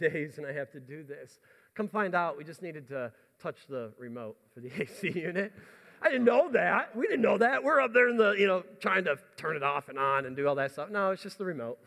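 A man with a fairly high voice tells a story from the pulpit, poking fun at himself as he goes. His delivery is animated and lively. The sound rings with the long reverb of a large hall. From United States. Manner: animated, self-mocking storyteller. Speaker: pastor. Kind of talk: sermon storytelling.

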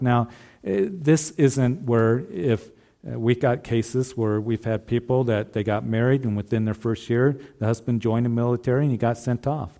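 A man's voice: mid-range voice, mellow. A man preaching a sermon, speaking earnestly and repeating phrases as he addresses the husbands in the congregation. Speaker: pastor.

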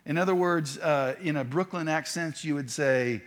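A man's voice: fairly high pitch, normal speed. A man preaching a sermon, talking in a conversational way with asides and restarts. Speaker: pastor.

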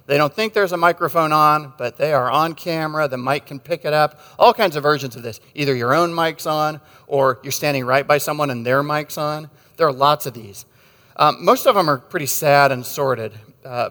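A man's voice: medium pitch, bright, forceful tone, long reverb tail. A man preaching a sermon in a conversational, wry way, telling stories with jokes and asides. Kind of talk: sermon with storytelling.

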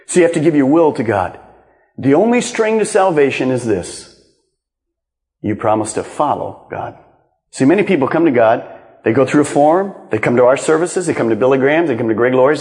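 A man preaching a sermon as pastor, swinging from loud emphasis to hushed, low lines. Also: in a large hall. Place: church auditorium.

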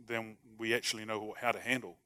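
Bright-voiced man preaching with humor. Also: lowish voice, flat delivery, fairly quick. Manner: conversational and humorous, plays out short dialogues. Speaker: pastor. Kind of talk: sermon.

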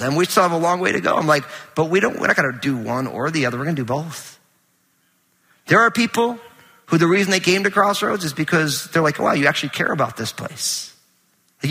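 A middle-aged man preaching a conversational sermon in a large church auditorium, animated and full of anecdotes with quoted dialogue. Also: fairly high pitch, slightly rough, long reverb tail. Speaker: pastor.

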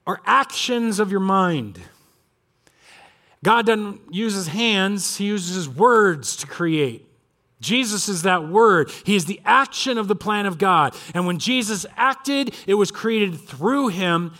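Animated bright-voiced preacher man. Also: sits high. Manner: animated preaching, dropping to hushed tones. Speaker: pastor. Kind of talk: sermon.

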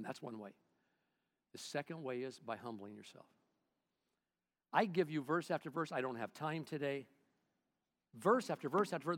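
Fiery preacher man, long church reverb. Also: medium pitch. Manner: dynamic preaching that swings between loud and hushed; calls on the congregation to respond. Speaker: pastor. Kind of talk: sermon.

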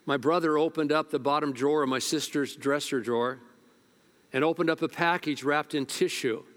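A male pastor preaching a sermon at a church service, telling stories, sometimes hushed and sometimes loud. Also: fairly high pitch, normal speed.

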